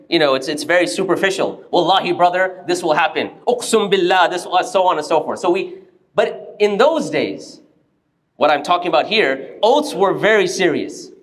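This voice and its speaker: A man giving a Friday sermon in a mosque, telling a story in an animated way and acting out the quoted voices. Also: a little high.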